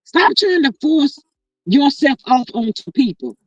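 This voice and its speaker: A woman's voice: sits high, big pitch swings, unhurried, no room sound, muffled recording. A woman hosting a casual livestream chat, reading viewer comments aloud and agreeing emphatically. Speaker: host.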